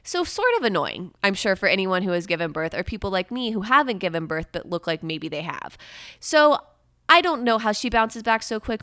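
Bright, chatty young woman podcast host. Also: mid-range voice, clear, resonant tone, no echo, clean studio sound. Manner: chatty, filler-heavy with frequent "like". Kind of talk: casual chat.

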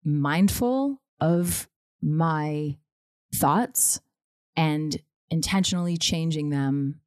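Low-voiced chatty woman, dry sound. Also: drawn-out words, a little mellow, no room sound. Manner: chatty, laughs often, acts out her own thoughts in quotes. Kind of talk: casual podcast chat.

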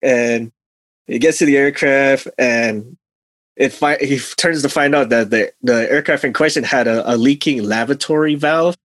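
A man's voice: mid-range voice, moderate pace, dry recording. Man co-hosting a casual podcast. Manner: relaxed storytelling, reads listener stories. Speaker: podcast co-host. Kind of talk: casual chat.

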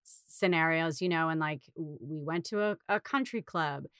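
A woman's voice: sits low, moderate pace, fairly bright tone, smooth, dry recording, studio quality. A woman from Boston co-hosting a podcast, talking casually with lots of fillers and restarts. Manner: rambling, many fillers and restarts. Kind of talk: casual chat.

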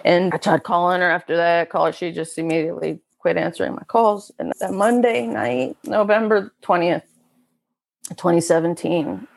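A middle-aged woman telling a painful personal story as a guest, candid and emotional, often halting. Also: on the low side, steady tone, gravelly.

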